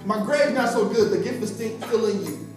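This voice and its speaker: Fervent preacher with repetitive cadence. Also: male voice, high-pitched, moderate pace. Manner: fervent, repeats phrases for emphasis. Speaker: youth preacher. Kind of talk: impassioned sermon. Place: church hall. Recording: echoey hall, distant mic, music behind.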